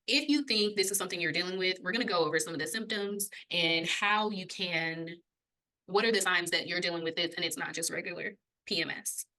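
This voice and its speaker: A young woman co-hosting a casual podcast, talking in a fairly low but bright, forward voice. She explains things in a chatty way, laughs easily, and runs a little short of breath when she gets excited. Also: fairly quick, low-quality recording. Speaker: podcast co-host. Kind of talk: casual chat explaining a health topic.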